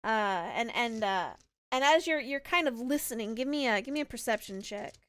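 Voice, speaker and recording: A woman's voice: fairly high pitch, expressive, brisk, a bit bright. A woman narrating as game master of an online tabletop game, rambling with frequent restarts.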